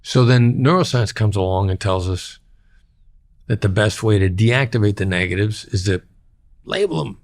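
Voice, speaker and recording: A man's voice: lowish voice, normal speed. A middle-aged man, a former hostage negotiator, speaking as a podcast interview guest in a plain-spoken way and repeating key phrases for emphasis.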